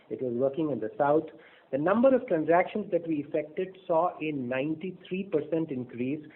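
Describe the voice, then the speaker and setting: A man presenting as a bank executive on an earnings call, speaking in in a measured way, with frequent fillers and restarts. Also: fairly high pitch. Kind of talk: business presentation on a conference call. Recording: phone-line audio.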